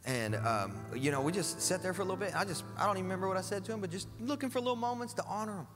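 A man preaching in a church hall, his high, bright voice carrying with long reverb around it. He moves between emphatic declarations and loose, chatty asides, and soft music sits faintly underneath. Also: lively intonation, rapid-fire. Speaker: pastor. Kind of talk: sermon.

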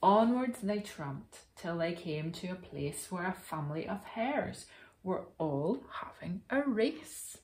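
Slow-paced woman reading a children's story. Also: fairly low pitch, echoey room. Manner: rhythmic, expressive rhyming narration.

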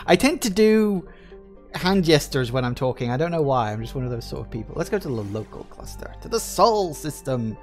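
Man, English Midlands accent, casual game stream commentary, joking, chatty, faint music behind. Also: medium pitch. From England. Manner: chatty, joking, answers chat aloud.

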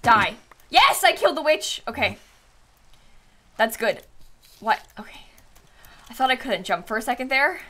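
A young woman streaming a game live, reading out donations and reacting excitably, swinging from shrieks to low mutters. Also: unhurried, pauses often.

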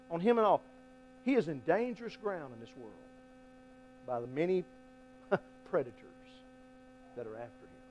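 Guy preaching in church, kinda high voice, goes loud then real quiet, folksy. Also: big pitch swings, moderate pace, pauses often, no room sound, rough recording. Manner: folksy, emphatic preaching, swings from loud to hushed. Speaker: pastor. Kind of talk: sermon. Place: church sanctuary. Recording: faint mains hum.

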